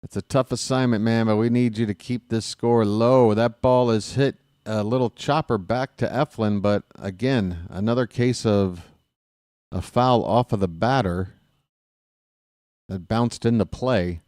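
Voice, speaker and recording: Baltimore guy calling a ballgame, lowish voice, dry close mic, roots for his team. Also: measured pace, no room sound. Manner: excited fan rooting for his team. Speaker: play-by-play announcer. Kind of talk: solo baseball play-by-play commentary.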